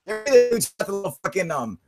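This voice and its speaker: A man's voice: high voice, big pitch swings, fast, over loud music. A man hosting a live stream in loose, heavily profane casual chat, talking through what he is doing on his computer.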